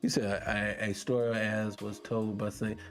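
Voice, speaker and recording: A man hosting a casual monologue for his viewers, firing off rhetorical questions and the odd swear word in an animated way. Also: fairly low pitch, a little slow, soft background music. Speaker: podcast host.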